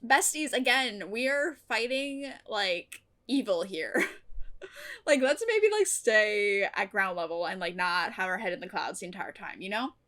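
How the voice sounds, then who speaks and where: A young adult woman recapping and reviewing a TV episode in casual chat, talking in an animated way, swearing often and breaking into laughter. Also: mid-range voice, unhurried. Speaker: TV reaction YouTuber.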